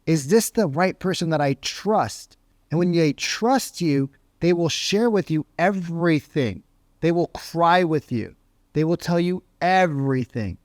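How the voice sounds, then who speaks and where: Man, sales coach, motivational talk, emphatic, rhetorical questions, slightly high voice, dry sound. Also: no echo. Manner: emphatic, asks rhetorical questions, says "right?" often.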